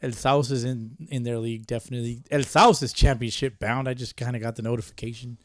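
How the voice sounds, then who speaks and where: A man in his thirties hosting a podcast, cursing freely and joking in bursts of loud banter. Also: medium pitch, fairly even intonation, quick pace, no echo. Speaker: podcast host.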